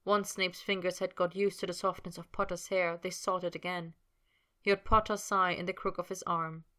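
A woman reading a fan fiction story aloud in steady, unhurried narration. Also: on the low side. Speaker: reader.

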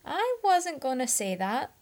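A woman's voice: high-pitched, sing-song, a little slow, voice pushed up. A woman voicing a smug, dismissive young man in a story reading. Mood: wary. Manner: dismissive, needling.

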